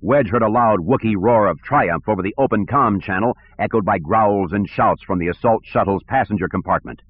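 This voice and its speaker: A man narrating an audiobook in a steady, measured way, on a tinny recording. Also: on the low side, breathy edge. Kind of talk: scripted narration. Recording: tinny phone-like sound.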